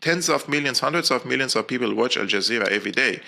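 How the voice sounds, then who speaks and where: A man from Syria, a guest in a casual interview, talking in an animated, rambling way. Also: mid-range voice, fast, gravelly. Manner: animated, rambling, laughs at own points. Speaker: guest commentator.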